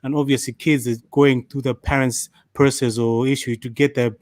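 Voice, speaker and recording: A man's voice: mid-range voice, flat delivery, moderate pace, darkish tone, no echo. Rambling man on a dry mic. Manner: rambling storyteller, repeats words. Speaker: panelist. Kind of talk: casual discussion.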